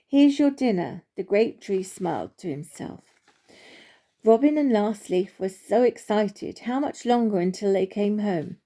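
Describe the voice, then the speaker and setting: A woman reading a children's storybook aloud in a gentle, unhurried way, with small slips and restarts. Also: medium pitch, lively intonation.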